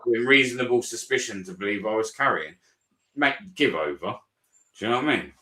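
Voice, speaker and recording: A British man telling a story in casual live chat, animated and swearing a lot as he recounts it. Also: lowish voice, brisk. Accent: British English. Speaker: auditor streamer. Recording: roomy echo.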